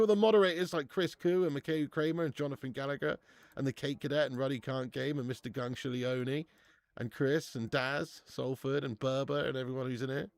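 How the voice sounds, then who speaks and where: A man's voice: on the high side, no room sound. A young man hosting a live watch-along stream, bantering with viewers, swearing and laughing often. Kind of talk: live casual chat to viewers.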